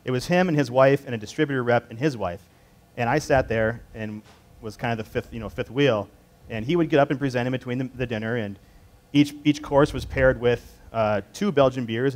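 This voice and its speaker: Speaking at medium pitch and a little quickly, this thirty-something man presents a beer tasting for an importer. He drifts through a personal anecdote conversationally, with fillers and restarts.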